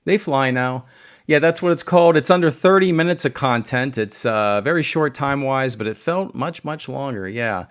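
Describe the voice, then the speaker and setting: Brief: a sarcastic male reviewer, smooth, clear tone, rambling and casual. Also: medium pitch, lively intonation, normal speed, few pauses. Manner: sarcastic, rambling, many fillers. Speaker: video reviewer.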